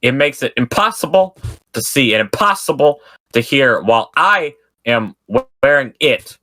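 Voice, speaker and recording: A man voicing a stiff, awkward male chameleon suitor in a flat, robotic delivery. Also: mid-range voice, normal speed, voice pushed up. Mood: stilted.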